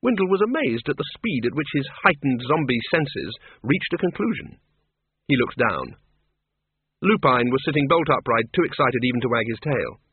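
Male narrator, lively and wry. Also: medium pitch, moderate pace, husky, no room sound. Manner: dry, wry storytelling. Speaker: audiobook narrator. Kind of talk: scripted narration. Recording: tinny radio broadcast.

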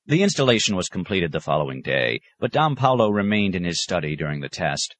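A man narrating a novel in a calm, expressive storytelling voice. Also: low-pitched, a little fast. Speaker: audiobook narrator. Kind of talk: scripted narration.

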